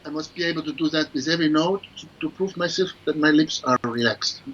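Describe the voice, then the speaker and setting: This oboist, a man being interviewed online, talks fast about how he practices and sings syllables as a demonstration. His slightly high voice has a fairly bright tone, heard through a muffled lo-fi video call with faint ambience and soft background music.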